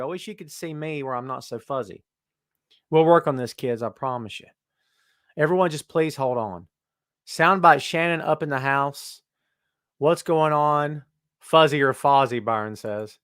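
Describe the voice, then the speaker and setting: A man with a high, light voice hosts a live talk stream, joking and ribbing the viewers as he greets them one by one. The sound is close and dry, with no room echo on his webcam mic. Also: fairly bright tone. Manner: jokey, teasing, greets viewers by name. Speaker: host of a live wrestling talk show. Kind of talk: casual live-stream chat.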